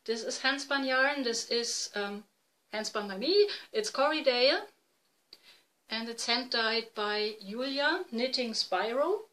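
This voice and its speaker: A woman in her forties from East Germany with a German accent, hosting a casual podcast in halting, self-correcting English. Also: a little high, expressive, sharp tone, poor audio. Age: 40s. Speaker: podcast host. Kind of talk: casual video podcast chat. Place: home room, dim light.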